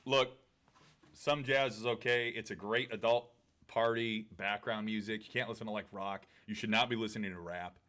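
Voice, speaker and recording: A man's voice: lowish voice, fairly even intonation, normal speed, sharp tone. A man in his thirties co-hosting a podcast in casual chat, blunt and joking. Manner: blunt, joking, with swooping voices and laughs. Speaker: podcast co-host.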